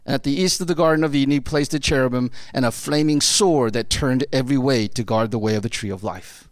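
A man's voice: medium pitch, quick pace, no room sound, clean studio sound. A middle-aged man preaching a sermon in a loose, conversational way, often checking in with "right?". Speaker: pastor.

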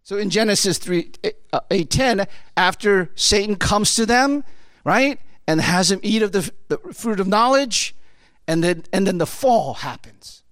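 A man's voice: high-pitched, animated, unhurried, fairly bright tone, no echo, studio quality. A middle-aged man preaching a sermon in a loose, conversational way, often checking in with "right?". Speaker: pastor.

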